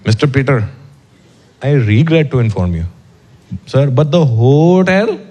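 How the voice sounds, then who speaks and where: A man voicing a polite, apologetic hotel bellman who speaks slowly and gravely. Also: mid-range voice, sing-song, dark tone, lo-fi sound. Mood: solemn.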